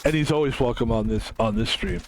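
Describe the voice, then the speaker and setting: A man's voice: mid-range voice, expressive, fairly quick, slight background noise. A man from the United States rambling casually while streaming a game, often trailing off, restarting and laughing.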